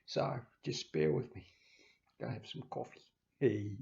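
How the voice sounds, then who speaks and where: A man hosting his own vlog, talking in a halting way with many restarts and stammers and sounding emotional. He records on a handheld camera. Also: lowish voice, expressive, creaky, darkish tone. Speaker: channel host. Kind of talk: casual farewell vlog. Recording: slightly dull lo-fi recording.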